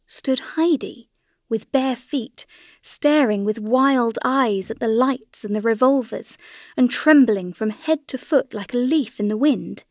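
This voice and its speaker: Reading from a script, a woman narrates an audiobook at a measured, steady pace. Medium in pitch, her voice is captured in a dry, clean studio recording.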